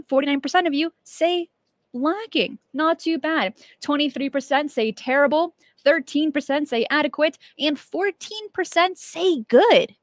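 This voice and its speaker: A woman's voice: high voice, no room sound. Upbeat woman hosting a live show. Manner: enthusiastic, chatty. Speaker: show host. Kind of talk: casual live-stream chat.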